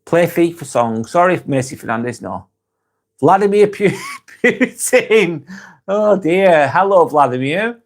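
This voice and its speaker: A man's voice: on the high side, lively intonation, unhurried. A man with a British accent hosting a casual live stream, reading out viewer comments and answering them bluntly, swearing freely and often laughing.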